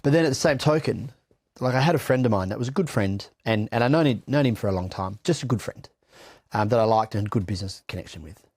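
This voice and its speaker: A middle-aged man with an Australian accent talks openly and bluntly about hard times. He swears without hesitation and restarts his sentences, and his voice sits on the low side. The sound is close and dry, with no room echo. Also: expressive, fast, a little mellow, breathy edge. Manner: raw, blunt, swears freely, many restarts. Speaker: interview guest. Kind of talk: candid personal testimony.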